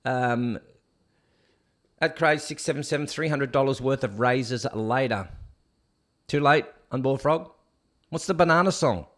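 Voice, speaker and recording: Speaking at normal speed with long pauses, a middle-aged Canadian man in a mid-range voice hosts a casual livestream. He reads the chat's viewer comments aloud and sings bits of songs now and then.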